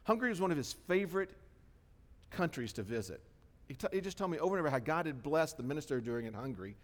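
A man pastor preaching a sermon, telling a story with lively swings between soft and loud. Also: a little high, quick pace, big-room sound. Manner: storytelling, animated swings in loudness. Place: church sanctuary.

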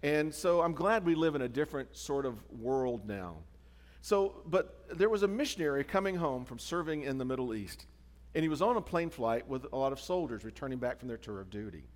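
A man's voice: mid-range voice, lively intonation, brisk. A middle-aged man preaching a sermon as pastor, talking in a conversational way with frequent restarts and asides. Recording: long hall reverb.

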